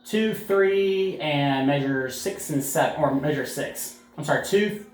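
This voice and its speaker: A man's voice: on the high side, measured pace. A man teaching a sixth grade band lesson on video, explaining rhythms with frequent fillers and counting beats aloud. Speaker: middle school band teacher. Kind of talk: recorded music lesson. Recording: echoey room sound.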